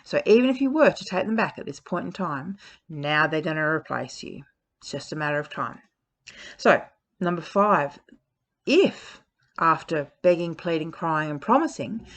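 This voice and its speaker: A woman's voice: sits low, lively intonation, a little slow, a bit bright. A woman giving frank relationship advice in a casual talk, speaking bluntly with frequent fillers.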